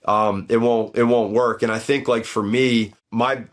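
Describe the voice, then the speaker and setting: Telling stories on a relaxed podcast, this middle-aged man, once a football head coach, speaks at medium pitch and a little slowly. He's animated, and his voice leaps upward in the quoted parts where he acts out others' words.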